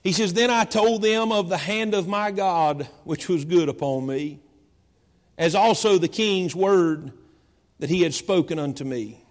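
A man preaching a sermon as pastor, repeating phrases and slowing down for dramatic emphasis. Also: sits high, long reverb tail. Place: church.

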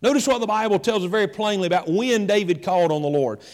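Pastor guy preaching, kinda high voice, big long church echo, pushes hard then drags words out slow. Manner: preaching with rising emphasis and sudden slow, drawn-out phrases. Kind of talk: sermon. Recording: long hall reverb.

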